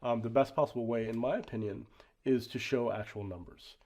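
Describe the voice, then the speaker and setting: A man's voice: mid-range voice, brisk, a little mellow. A man with a stuffy, congested nose, chatting casually as a podcast co-host with frequent ums. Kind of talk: casual chat.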